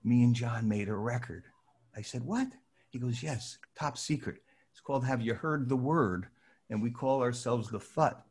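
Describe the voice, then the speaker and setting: An older man spins anecdotes for a small audience in a loose, conversational way. His voice sits in a middle register and jumps higher when he acts out what others said. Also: normal speed, husky. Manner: animated, acts out quoted voices with rising pitch. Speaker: storyteller addressing a live audience. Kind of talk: casual anecdotal storytelling.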